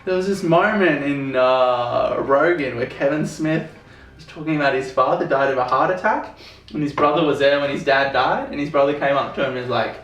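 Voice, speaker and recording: A man's voice: medium pitch, normal speed, fairly bright tone, far from the mic. An Australian man co-hosting a podcast, rambling and swearing in casual banter about a show. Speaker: podcast co-host. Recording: roomy room, off mic.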